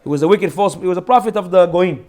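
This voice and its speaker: A man teaching an informal Torah class as a rabbi, animated and joking as he acts out the people in his stories. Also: high voice, quick pace.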